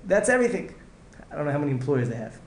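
A man teaching Torah as a rabbi races through his lecture at a fairly high pitch, his slightly mellow voice swinging widely up and down. Earnest and repetitive, he restarts phrases and mixes in Hebrew and Yiddish; the echoey room holds faint ambience and a little hiss or hum.

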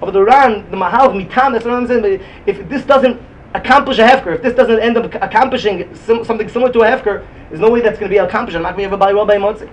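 Fast, high-voiced man with a Yeshivish accent giving a Talmud class. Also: a little hiss or hum, low-quality recording. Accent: Yeshivish English. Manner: rapid, emphatic, mixes Yiddish and Hebrew terms into English. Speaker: Talmud teacher. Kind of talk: Talmudic lecture.

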